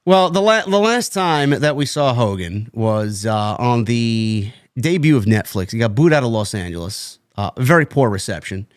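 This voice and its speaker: A man co-hosting a wrestling talk show, reading a news report aloud in a measured way with chuckled asides. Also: medium pitch, animated, no echo, studio quality. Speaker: podcast co-host.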